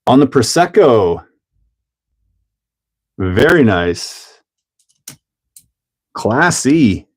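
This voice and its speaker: A man hosts a relaxed hobby livestream and talks through a model car build. He is chatty and laughs a lot, and he greets viewers by name in an ordinary mid-range voice. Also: mid-range voice, drawn-out words, long pauses. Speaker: livestream host. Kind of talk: casual live chat while building a model.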